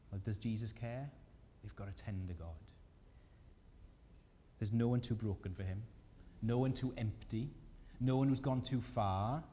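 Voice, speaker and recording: A man preaching a sermon as pastor, earnest and gentle, his emphasis rising on key points. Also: fairly low pitch, big-room sound, slight background noise. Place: church.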